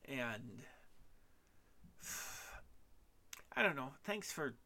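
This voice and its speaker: A man talks through a solo podcast monologue in a gravelly, bright-edged voice. He is hesitant and halting, restarting his sentences often and running himself down as he goes. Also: mid-range voice, big pitch swings. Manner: self-deprecating. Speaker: podcast host.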